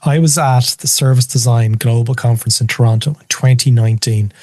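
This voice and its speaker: An Irish man talking as a podcast guest in a relaxed conversational way, telling animated anecdotes and acting out the voices of the people in them. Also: medium pitch, fairly quick, dry recording, studio quality. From Ireland. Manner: animated storyteller, acts out quoted voices. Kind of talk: casual chat.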